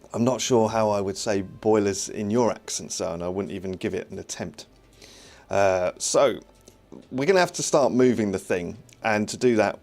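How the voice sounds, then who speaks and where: A man with a fairly low voice talks casually through a live game-development stream. He thinks aloud as he works, answers viewers and pokes fun at himself. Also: gravelly, a little mellow. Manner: chatty, self-mocking, thinks aloud while working. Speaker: indie game developer streaming his build.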